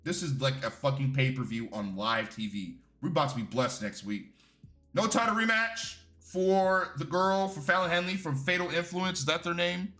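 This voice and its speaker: A man reviews a wrestling show in a casual, animated way, full of swearing and strong opinions. His voice is bright and sits a little high, with faint music behind him. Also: moderate pace.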